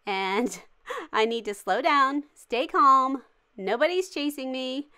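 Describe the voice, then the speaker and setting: Bright, cheery woman narrating a game. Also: sits high, expressive, slow. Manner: cheery, jokey and dramatic. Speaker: gaming channel host. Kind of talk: playful game commentary.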